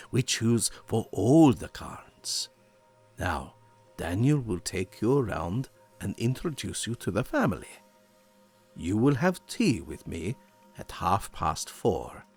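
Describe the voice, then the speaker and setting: A man voicing a 106-year-old woman with a slightly foreign accent, who is commanding, soft-spoken and measured. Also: fairly low pitch, creaky, slightly rough, exaggerated voice.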